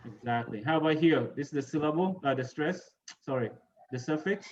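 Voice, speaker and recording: A man's voice: fairly high pitch, a little fast, darkish tone, highs cut off. A man teaching an English pronunciation lesson, patiently repeating words and quizzing his class on which syllable to stress.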